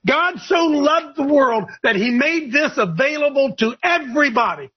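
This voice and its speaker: A man hosting a Bible discussion, preaching emphatically, shouting verses and firing rhetorical questions. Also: very high voice, expressive, moderate pace, highs cut off. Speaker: host leading a Bible discussion. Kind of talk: fiery preaching-style Bible talk.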